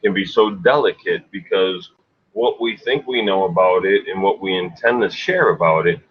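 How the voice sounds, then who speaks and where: A man's voice: low voice, moderate pace, a little hiss or hum. A man co-hosting a sales talk show, chatting casually and emphatically, often adding a rhetorical question. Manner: emphatic, rhetorical "right?" asides. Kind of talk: casual conversational chat. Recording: dull lo-fi sound.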